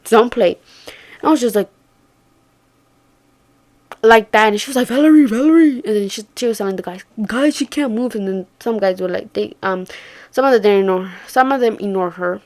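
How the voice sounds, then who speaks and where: A young woman telling a story casually, swearing and slangy, jumping from loud outbursts to hushed murmurs. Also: mid-range voice, normal speed, long pauses. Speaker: vlogger.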